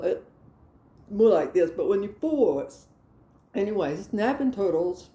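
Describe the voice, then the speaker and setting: Rambling woman telling stories. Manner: rambling, animated, breaks into high exasperated rants. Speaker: vlogger telling childhood stories. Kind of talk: casual comedic storytelling. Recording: echoey room.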